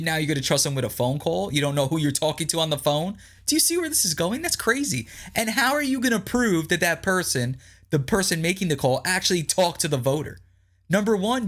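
Podcast host, male, incredulous ranter, swoops up and down in pitch, repeats himself for emphasis. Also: a bit bright. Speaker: political commentary podcast host. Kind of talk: opinionated commentary, reading news aloud and reacting.

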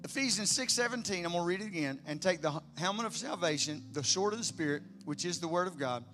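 A man, preaching a sermon emphatically, moving between loud declarations and quiet storytelling. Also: high voice, expressive, quick pace, faint music behind. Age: 50s. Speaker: pastor.

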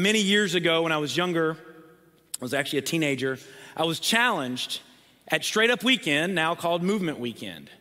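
Pastor, male, bright forceful delivery, slightly high voice, long church reverb. Emphatic sermon style. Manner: emphatic, repeats for emphasis, drops to near whisper.

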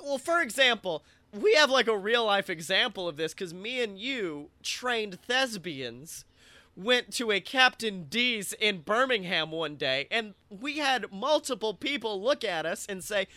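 A man from Alabama chats and riffs on a comedy podcast, with a high, very bright and tense-edged voice. He sounds excitable and quick to run with a bit. The mic is close and dry. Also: no room sound. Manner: excitable, riffing, lots of voices. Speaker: podcast co-host. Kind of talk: casual comedic chat.

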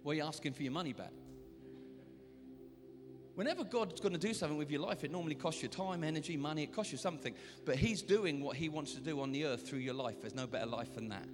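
A man preaching a lively sermon as pastor, acting out the voices he quotes. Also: a little high, quick pace, few pauses, over music. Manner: animated, acts out quoted voices. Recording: reverberant church hall.

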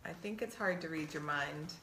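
A woman's voice: deep voice, normal speed, sharp tone, reverberant, slight background noise. A middle-aged woman co-hosting a playful couples quiz game, teasing and laughing often. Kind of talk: casual chat.

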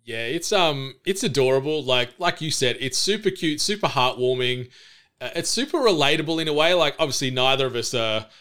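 A man's voice: mid-range voice, expressive, brisk, sharp tone. A man co-hosting a podcast, recapping a cartoon episode in enthusiastic casual chat with plenty of fillers. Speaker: podcast co-host.

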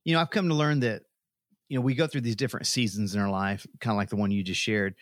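A man's voice: on the low side, steady tone, fast talker, dry recording, studio quality. A man hosting a Christian talk show, asking his guest questions in an earnest, reflective way. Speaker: host. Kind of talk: faith talk show conversation.

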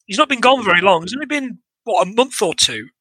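A high, very bright English man talks through a movie's plot in casual podcast chat. He is lively and chatty, laughing as he goes, and his voice sits close and dry on the mic. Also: fast talker, husky, no room sound, rough recording. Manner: chatty, animated retelling with laughs and swearing. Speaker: podcast co-host. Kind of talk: casual film recap chat.

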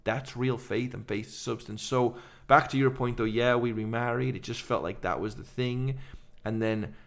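Gravelly English man telling his story. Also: medium pitch. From England. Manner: animated storytelling, fast run-on sentences. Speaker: podcast guest. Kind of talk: casual conversation.

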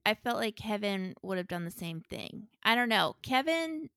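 Woman, podcast co-host, frank, laughs often, mid-pitched voice, dry close recording. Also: sing-song, moderate pace, fairly bright tone, clean tone, dry recording. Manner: frank, laughs between remarks. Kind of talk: casual movie review chat.

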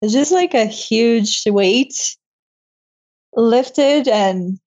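A woman's voice: a little high, very slow, a little mellow. A young woman guest and medical student telling her story in a casual interview, laughing often. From moved to Canada. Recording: muffled lo-fi audio.

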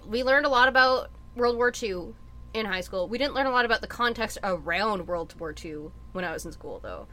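A woman's voice: a little high, pushed and bright. A woman from Canada chatting casually, emphatic and profane, with lots of "like" fillers. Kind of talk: casual chat.

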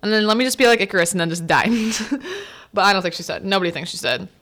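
This young adult woman hosts a student podcast, talking fast in a medium-pitched, slightly bright voice. She chats casually and laughs while recapping a film, performing the characters' lines herself.

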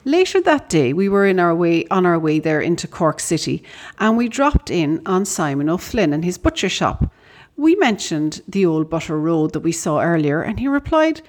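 A woman's voice: fairly low pitch, big pitch swings, normal speed. A woman with an Irish accent, a podcast host, reading out a prepared letter with conversational storytelling asides. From Ireland.

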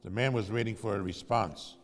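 A man's voice: on the low side, a little fast, big-room sound. A man preaching in storytelling style, conversational and asking his audience questions. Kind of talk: sermon storytelling.

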